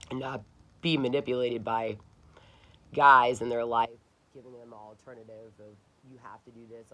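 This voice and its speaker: A woman's voice: a bass voice, a bit bright, slight background noise, rough recording. A woman ranting in a casual diary video, indignant and swearing as she retells arguments. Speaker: diary vlogger. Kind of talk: casual personal rant.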